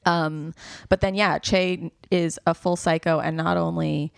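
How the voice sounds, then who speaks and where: A young woman with a low, gravelly voice talks frankly and casually on a podcast, tossing in the odd swear. The sound is dry and close, with no room around it. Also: fairly even intonation, a little slow, no echo. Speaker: podcast co-host.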